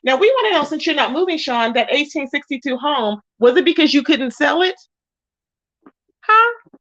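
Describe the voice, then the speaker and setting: A sassy woman dishes gossip to her live chat. Her voice sits high and swings widely in pitch. The recording is dry and a little dull. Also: moderate pace, no echo. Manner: sassy, animated, greets chat viewers. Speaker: commentary vlogger. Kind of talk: casual gossip commentary.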